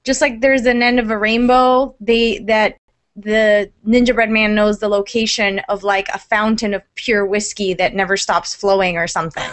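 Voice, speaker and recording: A woman's voice: medium pitch, fairly even intonation, moderate pace. A woman joining a podcast brainstorming chat, throwing in wisecracks and loose ideas.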